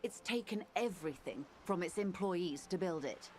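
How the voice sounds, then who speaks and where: A composed middle-aged corporate negotiator, voiced by a woman for a video game, formal and articulate. Her voice sits fairly low, and a faint hiss runs under the game audio. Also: animated, normal speed, natural voice. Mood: measured. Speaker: game character.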